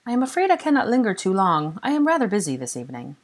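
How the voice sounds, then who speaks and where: A woman's voice: medium pitch, huge pitch swings, quick pace, pitched above the performer's own voice. A woman voicing a sly, courteous French marquis, polite and prying, with a French accent. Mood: suave, inquisitive. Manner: polite and probing.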